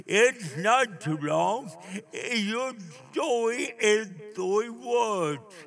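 An older man preaching a sermon, emphatic, with call-and-response and drawn-out phrases. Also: sits high, lively intonation, creaky, a bit bright, faint music behind.

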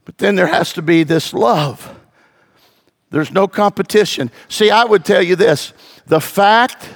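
A middle-aged man preaching a sermon as pastor, with rising emphatic bursts and a gravelly voice. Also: fairly high pitch.

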